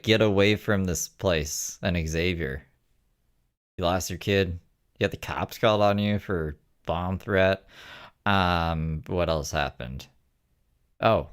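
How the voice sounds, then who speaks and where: A man's voice: sits low, smooth. A man streaming, joking and swearing as he comments on replayed clips and thanks viewers. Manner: joking, profane, chatty asides.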